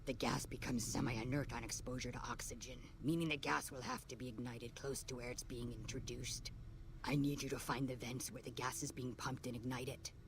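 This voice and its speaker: A curt female quest giver in a video game, laying out a dangerous job with no wasted words. Her voice sits extremely low for a woman. The game audio carries a steady layer of noise behind it. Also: a little fast. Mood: businesslike. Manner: curt, businesslike. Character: brisk female vault survivor giving orders. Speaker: game character giving a quest. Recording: game audio under a stream, noisy.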